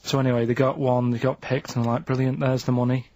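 A man on a radio show, explaining things slowly in casual banter and tagging sentences with "right?". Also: mid-range voice, level tone, mellow, no room sound. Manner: plodding explainer, ends phrases with "right?".

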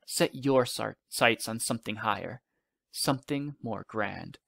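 A steady fighter-pilot father, as a male reader puts him on, speaking low and earnest with a gravelly edge. The reading is dry and close, with no room sound. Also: unhurried, dry recording, exaggerated voice.

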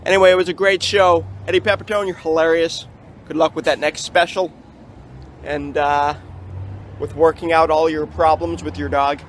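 A man with a slightly high voice talks in a dry, deadpan way, trading flat retorts. He is recorded outdoors on a city sidewalk, and faint traffic hums behind him. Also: normal speed. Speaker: vlogger and lead. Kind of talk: casual video monologue.

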